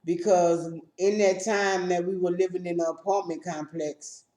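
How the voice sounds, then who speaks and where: Measured woman in a roomy echo. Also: fairly low pitch, fairly even intonation, a crowd in the background. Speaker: co-host. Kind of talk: casual storytelling chat.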